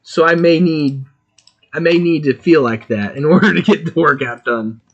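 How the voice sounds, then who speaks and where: A man streaming a video game, chatting casually and excitably while thinking aloud about what he is doing. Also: a little high, moderate pace, muffled recording. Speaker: gaming streamer.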